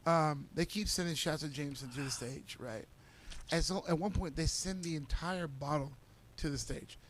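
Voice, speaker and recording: Podcast co-host, man with a high voice, animated storyteller. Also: normal speed, slight background noise. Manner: animated, laughing, acts out quotes loudly. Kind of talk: casual storytelling.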